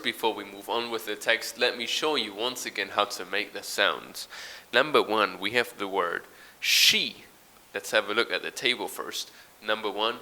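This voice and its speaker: A man's voice: lowish voice, pushed and bright. A man teaching English pronunciation, explaining patiently, modelling sounds and reading a short text aloud. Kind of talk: recorded pronunciation lesson.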